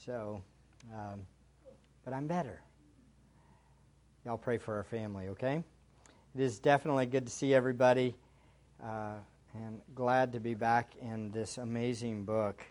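A man's voice: mid-range voice, steady tone, normal speed, long pauses, a little mellow. A pastor, chatting wryly with his congregation before moving into an earnest sermon. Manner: chatty and wry, then earnest preaching.

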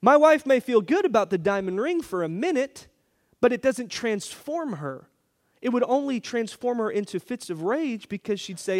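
A man's voice: very high voice, very animated, normal speed. A man pastor preaching a sermon, telling a family story with playful asides and repeated phrases.

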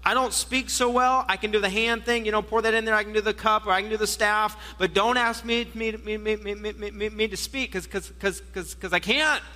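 A man's voice: sits high, steady tone, fairly quick, few pauses, pushed and bright. A man voicing Moses as a fearful grown man who stutters and repeats his words. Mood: pleading. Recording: long hall reverb.

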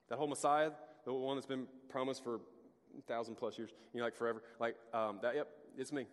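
A pastor giving a casual, conversational sermon, full of restarts and acted-out asides. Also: male voice, medium pitch, quick pace. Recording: long hall reverb.

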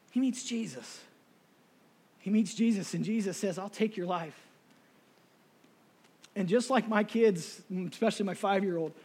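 A middle-aged man preaching a sermon emotionally, moving from soft, near-tearful passages to shouted appeals. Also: high voice. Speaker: lay preacher.

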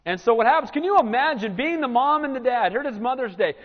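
Male pastor with a high voice, animated preaching, muffled lo-fi recording in a reverberant church. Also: quick pace. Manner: animated preaching, acts out Bible scenes. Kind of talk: sermon. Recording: reverberant church hall, dull lo-fi sound.

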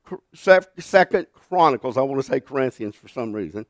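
A man, preaching as a pastor and telling a funny story in a folksy, animated way. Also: medium pitch, brisk, no room sound, clean studio sound. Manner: folksy, animated storyteller who laughs through his stories. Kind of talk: sermon with storytelling. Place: church sanctuary.

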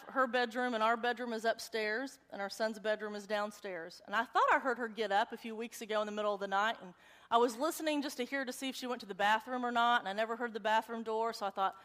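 A woman in her forties delivers a church sermon in a high, bright-pitched voice. Her manner is animated and conversational, drifting easily into storytelling. The sound rings with a long reverb from a large church hall. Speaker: preacher.

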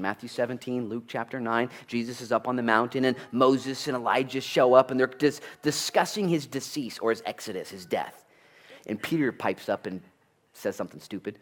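A man preaching a sermon at a church, conversational and animated, full of asides and rhetorical questions. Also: medium pitch. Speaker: pastor.

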